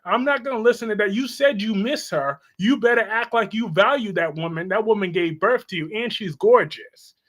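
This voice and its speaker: A man's voice: high-pitched, normal speed, few pauses. A man hosting a live stream, chatting casually and sassily while answering his chat. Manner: sassy, expressive, answering chat.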